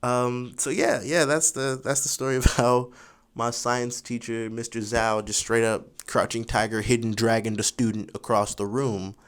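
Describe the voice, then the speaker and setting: A young man in his twenties telling a school story casually, animated and full of fillers like "you know". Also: mid-range voice, moderate pace, smooth. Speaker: vlogger.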